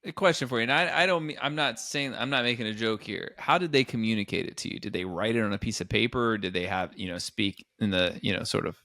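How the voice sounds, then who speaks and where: A man's voice: lowish voice, fast, few pauses, sharp tone, no room sound, clean studio sound. Teasing man on a comedy podcast. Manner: teasing, jokey asides, laughs often. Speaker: podcast co-host. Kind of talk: casual comedic chat.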